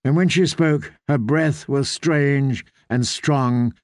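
A man reading a fantasy novel aloud in measured storytelling narration. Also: mid-range voice, no room sound, clean studio sound. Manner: measured storytelling, voicing characters. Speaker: audiobook narrator.

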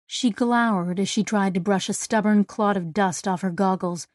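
A woman giving measured, scripted audiobook narration. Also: medium pitch, dry recording, studio quality.

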